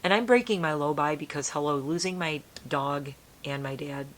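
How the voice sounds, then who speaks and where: A woman's voice: sits low, normal speed, a little hiss or hum. A middle-aged woman vlogging in a casual, emotional, rambling way, sometimes dropping to a near whisper. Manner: rambling, emotional, soft-spoken with laughs. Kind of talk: casual chat to camera.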